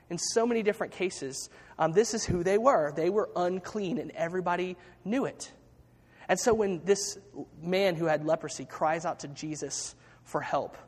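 High-voiced preacher in a reverberant hall. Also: male voice, a little mellow. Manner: earnest, conversational preaching with many fillers and restarts. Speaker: pastor. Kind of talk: sermon.

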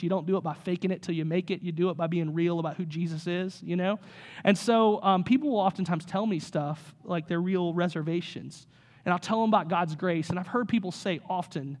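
Using a high-pitched voice, a male pastor in his thirties delivers a sermon. He keeps it energetic and conversational, often asking rhetorical questions.

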